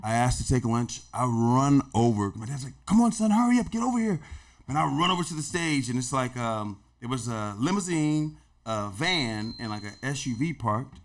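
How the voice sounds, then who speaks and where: A middle-aged man, a podcast guest, telling stories in a casual, animated and slangy way, often saying "man" and "bro". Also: mid-range voice, moderate pace. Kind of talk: casual storytelling.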